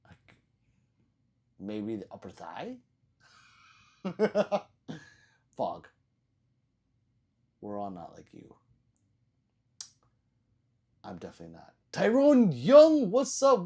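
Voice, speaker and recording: A man's voice: medium pitch, warm tone, breathy edge. Male streamer, casual and swear-prone, chuckling through viewer comments; voice swings up and down a lot. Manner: laughs often, swears casually, reads viewer comments aloud. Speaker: livestream host reading chat. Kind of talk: casual live-stream chat.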